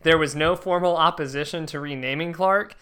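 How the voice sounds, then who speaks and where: A man co-hosting a podcast in casual banter, joking around and slipping into loud put-on rural voices. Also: a little high, brisk, clear, resonant tone. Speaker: podcast co-host.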